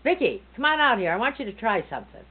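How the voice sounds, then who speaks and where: A woman's voice: medium pitch, sing-song, fairly quick, pitched above the performer's own voice. An older woman quoting her playful, prankster uncle in a coaxing voice, raised from her usual tone. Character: jovial prankster uncle, middle-aged man. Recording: tinny phone-like sound with faint hum.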